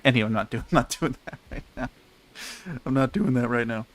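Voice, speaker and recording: Gravelly-voiced man chatting through a game stream. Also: mid-range voice, fairly quick. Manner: rambling, chatty, self-mocking, often laughing. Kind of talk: casual live gameplay commentary. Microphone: desk mic with pop filter.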